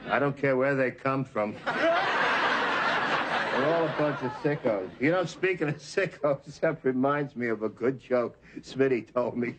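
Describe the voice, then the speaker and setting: A man playing a gruff, blustering middle-aged police chief in a 1980s sitcom. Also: medium pitch, a little slow, very noisy, natural voice. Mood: mocking. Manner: gruff, joke-telling, flustered. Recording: studio audience laughter behind.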